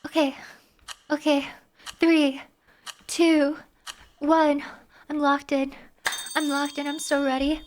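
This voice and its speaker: Very high-voiced, unhurried woman streamer. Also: little pitch movement. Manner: playful, teasing, talks to the chat. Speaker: game streamer. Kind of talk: live gameplay chat with viewers.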